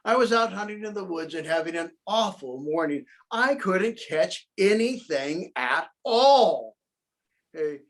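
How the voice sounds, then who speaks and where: A man telling a story in the first person as the wolf, with an aggrieved, put-upon tone and lively character voices, recorded on a video call. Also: on the high side.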